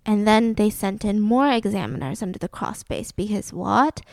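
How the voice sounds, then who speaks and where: A woman's voice: mid-range voice, animated, normal speed, gravelly, a little mellow, no echo. A young woman co-hosting a podcast, telling a true-crime story in a chatty way, full of "like". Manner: chatty, filler-heavy with "like". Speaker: podcast co-host.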